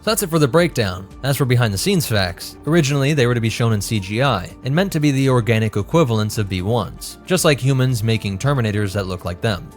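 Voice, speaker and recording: Guy doing a lore video voiceover, brisk and informative, mid voice, soft music under it. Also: medium pitch, animated. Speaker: lore channel host. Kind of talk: scripted narration.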